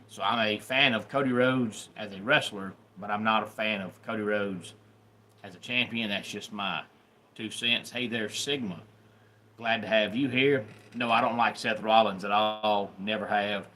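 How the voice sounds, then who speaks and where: Southern guy doing a chatty live stream, lowish but bright voice, says hey to chat by name. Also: fairly even intonation, a little slow, a little hiss or hum. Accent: Southern American. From Deep South, USA. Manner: chatty, greets viewers by name. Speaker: livestream host. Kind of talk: casual live-stream sports talk.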